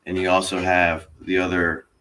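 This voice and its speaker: A man's voice: deep voice, completely flat delivery, moderate pace, sharp tone, slight background noise. A man explaining politics in a casual, rambling way with many fillers.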